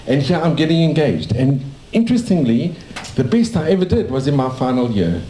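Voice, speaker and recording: A man's voice: a little high, big pitch swings, brisk. Older South African man telling stories. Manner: rambling, warm anecdotal storytelling with restarts. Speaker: dentist telling his life story. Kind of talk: casual storytelling to a small audience. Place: cafe. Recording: echoey cafe room.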